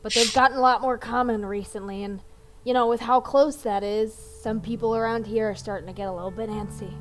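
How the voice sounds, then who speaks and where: A woman's voice: a little high, steady tone, brisk, noisy background, lightly acted. Woman voicing a hesitant old innkeeper. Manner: hesitant, rambling. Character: hesitant middle-aged male innkeeper.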